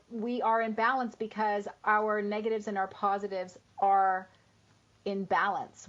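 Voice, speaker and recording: A woman hosting a spiritual radio talk show, chatting casually and explaining ideas with lists of opposites and frequent "right?" checks. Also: mid-range voice. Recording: dull lo-fi radio audio.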